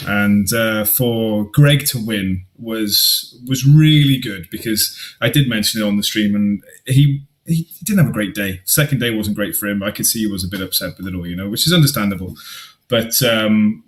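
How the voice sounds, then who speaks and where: A man telling tournament stories as a guest on a casual podcast, upbeat and quick to laugh. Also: on the low side. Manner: enthusiastic storyteller who laughs often. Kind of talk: casual chat.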